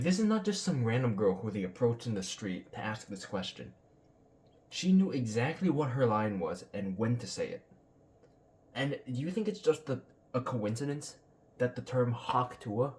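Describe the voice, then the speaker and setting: A man hosting a reaction video, ranting bluntly and sarcastically with plenty of swearing. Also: medium pitch. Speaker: commentary channel host.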